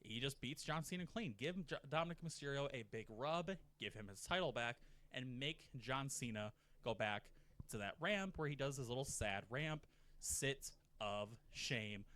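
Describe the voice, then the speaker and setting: A man narrating in a casual, profane, animated way, often slipping into mock quotes. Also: medium pitch, moderate pace. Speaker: narrator of a wrestling rebooking video. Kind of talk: casual scripted commentary.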